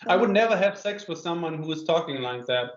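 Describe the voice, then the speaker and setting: Co-host: German man, German accent, chatty and animated, slightly high voice, roomy and dull recording. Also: fast, slight background noise. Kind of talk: casual chat.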